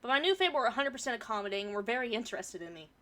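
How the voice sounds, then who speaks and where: A woman's voice: fairly high pitch, big pitch swings, racing, a bit bright. A woman streamer reading a forum story aloud and chatting about it, swearing casually, her throat a bit irritated from pollen.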